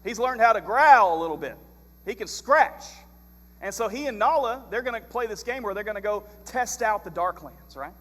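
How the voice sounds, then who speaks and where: A man preaching a sermon as pastor, telling stories in a lively, animated way. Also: high voice, moderate pace, big-room sound. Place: church sanctuary.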